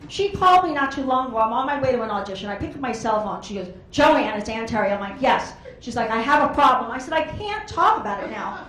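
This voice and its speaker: A woman's voice: on the high side, big pitch swings, fast, hardly any pauses, fairly bright tone. A woman doing a stand-up comedy set on a club stage, telling brash, rambling stories full of quoted voices. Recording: echoey club room.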